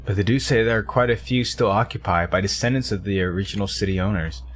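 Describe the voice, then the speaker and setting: A man's voice: quick pace, a little hiss or hum. A man streaming a game, reading its narration and dialogue aloud and chatting between lines. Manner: reads narration and dialogue, jumps up in pitch for characters.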